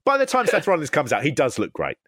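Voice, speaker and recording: A man co-hosting a podcast, talking in a wry, animated way and slipping into mock voices for quotes. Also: fairly high pitch, fast talker, no room sound, studio quality. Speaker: podcast co-host. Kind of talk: casual chat.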